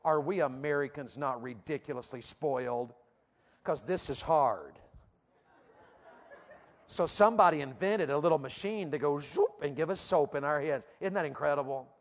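A high-pitched man preaches to teenagers in a church. He repeats himself for emphasis and keeps dropping from loud, driven bursts to quiet asides. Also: normal speed. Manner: emphatic, repetitive, swings from loud to hushed. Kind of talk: youth sermon.

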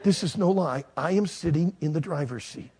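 A man preaching, telling a funny personal story with self-mockery and bursts of shouting and laughter. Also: a little high, normal speed, gravelly, husky. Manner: animated, self-mocking storyteller who shouts and laughs at the climax. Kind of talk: storytelling sermon. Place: hall with a live audience.

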